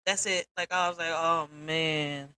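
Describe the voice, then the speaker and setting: A woman hosting a casual livestream, candid and quick to swear and laugh. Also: low-pitched, fairly even intonation, sharp tone, clean tone, rough recording. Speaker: livestream host.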